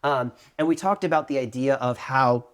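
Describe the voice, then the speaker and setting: A man in his thirties co-hosting a faith podcast, telling a personal story in a lively way and acting out what others said. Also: mid-range voice, normal speed, clear, resonant tone. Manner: animated storytelling, acting out quoted voices. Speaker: podcast co-host. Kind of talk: conversational testimony.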